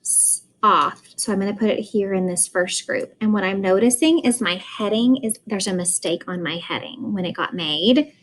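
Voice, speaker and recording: A woman teaching a phonics word sort, slowly sounding out vowels and explaining where each word goes. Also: mid-range voice, rough recording. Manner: slow, deliberate, sounds out vowels. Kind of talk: phonics lesson.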